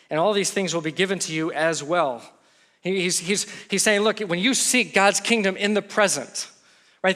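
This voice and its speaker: A man's voice: on the high side, sharp tone. A man, a pastor with a young daughter, preaching a conversational sermon, mixing humor and acted-out quotes into his teaching.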